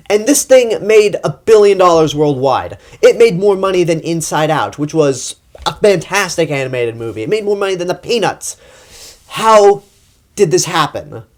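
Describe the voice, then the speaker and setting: A young man from Texas giving a blunt, exasperated movie review monologue and swearing freely. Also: medium pitch. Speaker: film critic.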